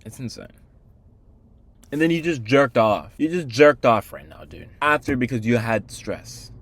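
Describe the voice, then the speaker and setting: A man's voice: mid-range voice, lively intonation, measured pace, a bit bright, no room sound. A young man, a day trader, recording a frustrated video diary and scolding himself in the second person, swearing heavily. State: hungry. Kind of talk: self-talk video diary.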